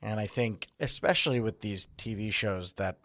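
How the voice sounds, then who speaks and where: A man's voice: fairly low pitch, moderate pace, a bit bright, no room sound. A man who is an actor guest on a podcast, talking casually in a reflective, loose and rambling way. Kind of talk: casual interview chat.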